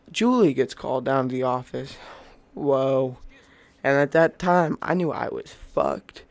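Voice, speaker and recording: A young man from Indiana telling a story to his channel in a casual, rambling, excitable way, restarting his sentences often. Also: a little high, dry recording. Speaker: YouTuber.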